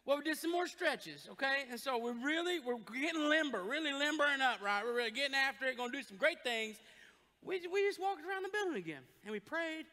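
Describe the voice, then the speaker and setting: A male pastor preaches with a very high, bright voice and a joking, animated delivery. The sound carries a long reverb from a church sanctuary. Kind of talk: sermon.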